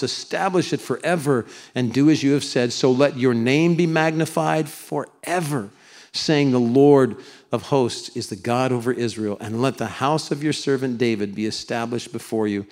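A man preaching a sermon to a congregation, slowing down to read scripture together and putting on whiny high voices to make a point. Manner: animated preaching, mimics whining voices in a high pitch; slows down for congregational scripture reading. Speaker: pastor. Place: church sanctuary with congregation.

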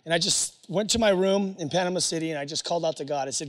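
A man's voice: fairly high pitch, quick pace, big-room sound. A man telling his personal testimony to an audience in a casual, slangy storytelling way. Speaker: speaker giving a personal testimony.

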